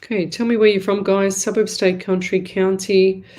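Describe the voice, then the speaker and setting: A woman's voice: medium pitch, level tone, moderate pace, a little mellow. A woman hosts a live psychic medium show from her home. She rambles in a chatty, informal way, full of fillers and little asides.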